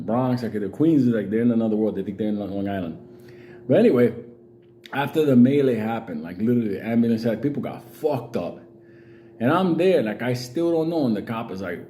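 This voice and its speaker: A man's voice: medium pitch, dark tone. A middle-aged man telling a rambling, profane story in casual vlog talk, laughing at his own tale. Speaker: vlogger.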